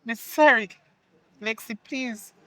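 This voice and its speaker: A woman's voice: a little high, slow, sharp tone, a little hiss or hum. A woman with a Jamaican accent playing a strict, remorseful mother who pleads and apologizes in heavy Patois. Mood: pleading, remorseful. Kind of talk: film drama acting.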